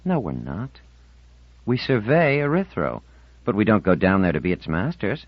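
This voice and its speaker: A man's voice: on the low side, sing-song, normal speed, no room sound, pitched above the performer's own voice. A man voicing an earnest, defensive fifteen-year-old girl in an audiobook, insistent and pleading. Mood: frustrated. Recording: dull lo-fi audiobook recording.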